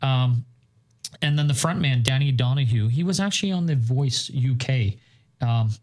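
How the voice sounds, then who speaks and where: Podcast co-host, a man from Northern Ireland, mid-pitched voice, casual and enthusiastic, rambles with ums. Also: moderate pace, darkish tone. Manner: chatty, enthusiastic, rambling with fillers. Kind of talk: casual chat.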